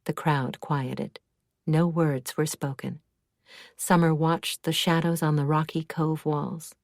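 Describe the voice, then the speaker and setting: Low, measured woman narrator. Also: steady tone, gravelly, a little mellow, dry recording, clean studio sound. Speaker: audiobook narrator. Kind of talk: scripted narration.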